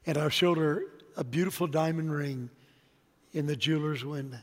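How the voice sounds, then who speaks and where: A high-pitched male preacher delivering a sermon with emphatic, rising declarations that drop to soft asides. His voice rings through a large church hall with a long reverb tail. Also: moderate pace. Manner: emphatic, swings between loud and soft.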